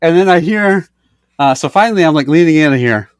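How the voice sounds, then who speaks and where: Speaking fairly quickly in a clean, expressive voice on the high side, a male podcast co-host relates a story during casual conversation. He plays both parts himself and swears a lot. The audio is dry and studio-clean.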